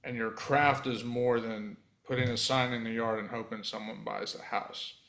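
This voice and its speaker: A man's voice: mid-range voice, fairly even intonation, gravelly, fairly bright tone, low-quality recording. Male host, casual and chatty, mid-range voice. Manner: conversational, loose with restarts and quick laughs. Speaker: podcast host. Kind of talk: casual interview chat.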